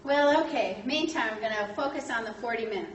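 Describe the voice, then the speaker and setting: A woman's voice: on the high side, a little fast. Woman storyteller in an echoey room. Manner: lively retelling, acting out quotes, frequent fillers. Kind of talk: storytelling history talk. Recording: echoey room, distant mic, faint noise.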